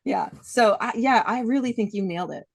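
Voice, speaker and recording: A woman's voice: a little high, brisk, creaky, husky, no echo. A woman author interviewing a narrator, friendly and complimentary, who laughs easily. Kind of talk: casual interview chat.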